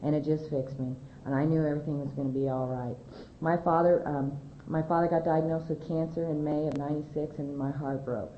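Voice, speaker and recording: In an echoey hall with dull lo-fi sound and a faint rumble, a middle-aged Californian woman shares her recovery story with a crowd. Her tone is steady and brisk, and her personal testimony rambles conversationally, full of fillers and restarts.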